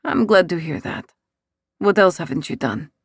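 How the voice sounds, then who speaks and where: A woman voicing a commanding Italian mafia boss, an adult man who speaks low and soft with an Italian accent. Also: expressive, moderate pace, vocal fry, breathy edge, no room sound, studio quality, heavily acted. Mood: coaxing.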